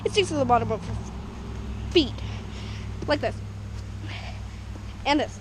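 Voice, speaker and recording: Chatty woman from canada, higher voice, rambly and giggly, backyard outdoors on an action cam. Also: lively intonation, a little slow, long pauses, a little hiss or hum, rough recording. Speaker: vlogger showing a homemade dirt bike track. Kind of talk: casual walkthrough narration. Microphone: action camera.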